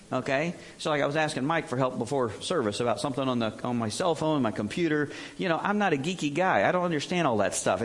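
This is a man in his sixties delivering a sermon to his congregation. He talks in a folksy, humorous way and keeps throwing out rhetorical questions. His voice sits a little high and moves around with lively emphasis. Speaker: missionary preacher.

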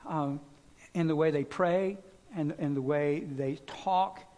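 A man delivers a sermon in a loose, conversational way, full of fillers and restarts. His voice sits a little higher than most men's. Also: takes it slowly, mellow. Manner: conversational preaching with fillers and repetitions. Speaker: pastor.

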